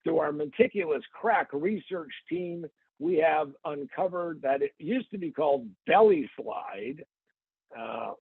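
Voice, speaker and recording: Gravelly joking man on a tinny line. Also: a little high, lively intonation, a little slow, dry recording. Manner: joking storyteller with playful asides. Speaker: podcast host. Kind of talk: casual comic podcast chat.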